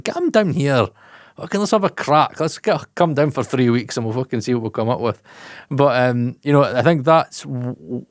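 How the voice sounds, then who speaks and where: A Scottish man co-hosting a podcast about audio engineering, talking excitedly and swearing freely. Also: no room sound, studio quality. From Scotland. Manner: excitable, swears freely, jumps pitch in animated asides. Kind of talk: casual podcast chat.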